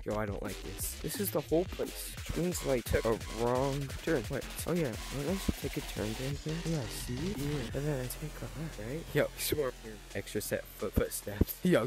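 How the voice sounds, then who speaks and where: A young man giving VR horror gameplay commentary as a channel host, excitable, often screaming, laughing and repeating himself. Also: on the high side. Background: game music.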